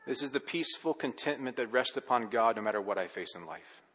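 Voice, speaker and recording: A man preaching a sermon as pastor, telling stories with animation and then dropping to a soft, earnest hush. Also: medium pitch, animated, fast, husky, long reverb tail.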